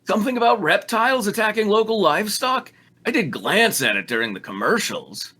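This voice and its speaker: A sarcastic young ex-convict, as a man reads him, in a bright voice with lively swings. It stays close to the reader's own talk. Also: a little high, moderate pace, breathy edge, voice pushed up, exaggerated voice. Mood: snarky.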